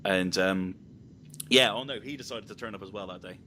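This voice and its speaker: A man's voice: on the low side, normal speed, pushed and bright, a little hiss or hum. A young man hosting a podcast, telling rambling anecdotes in casual chat with lots of ums. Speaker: podcast host.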